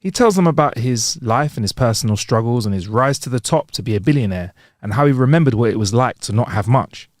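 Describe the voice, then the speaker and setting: A man reading jokes aloud in a lively storytelling way. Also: mid-range voice, fast, hardly any pauses, no echo, studio quality. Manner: lively storytelling, laughs at punchlines. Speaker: joke reader.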